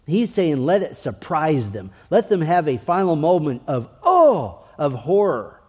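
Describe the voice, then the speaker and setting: A man's voice: a little high, warm tone, long reverb tail. A man preaching a sermon in an earnest, emphatic way, asking rhetorical questions and reading scripture aloud. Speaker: pastor.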